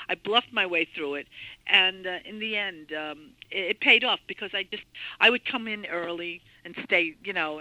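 A woman in her sixties, a guest recounting stories in an interview, lively and anecdotal with frequent laughs and fillers. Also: on the low side, no room sound, low-quality recording. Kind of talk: storytelling interview.

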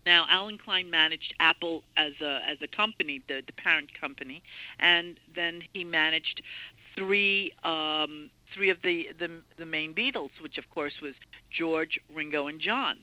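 Bright-voiced woman in her sixties, lively storyteller. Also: sits low, measured pace, no room sound, poor audio. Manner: lively anecdotal, laughs often, many fillers. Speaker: interview guest. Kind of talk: storytelling interview.

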